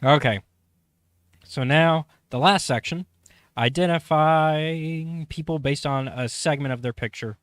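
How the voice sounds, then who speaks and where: A man's voice: on the high side, unhurried, dry recording. A man hosting a casual podcast, running a trivia quiz and reading quotes aloud, chatty and correcting himself as he goes. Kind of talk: casual chat.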